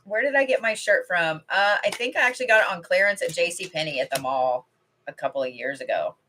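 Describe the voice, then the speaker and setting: A woman's voice: fairly low pitch, brisk, pushed and bright, slight background noise. A middle-aged woman chatting casually on a livestream from home, rambling and swearing freely as she reads cards. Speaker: intuitive card reader. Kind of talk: casual livestream chat with card reading.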